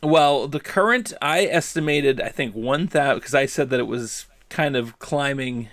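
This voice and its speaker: A man's voice: mid-range voice, normal speed, fairly bright tone, dry recording. Easygoing male podcast co-host. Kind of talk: casual chat.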